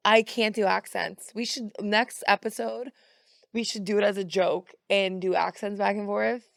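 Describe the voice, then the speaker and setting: A woman's voice: medium pitch, steady tone, moderate pace, creaky, no room sound, studio quality. A young woman from Canada co-hosting a podcast, chatting casually and laughing often. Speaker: podcast co-host. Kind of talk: casual chat.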